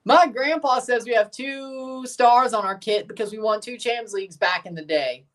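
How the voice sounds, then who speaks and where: Recorded from a distance, this man's voice is extremely high and a bit bright, moving at a moderate pace. A streamer from the Mississippi Delta, USA, he casually comments through a football watchalong, jokey and meandering, full of tangents and corrections of himself.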